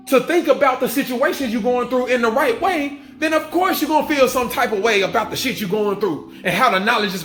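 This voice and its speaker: A man's voice: very high-pitched, fairly bright tone. A man giving an emphatic, repetitive spiritual monologue to his viewers, restating each point and swearing casually. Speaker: spiritual vlogger. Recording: echoey room with faint music.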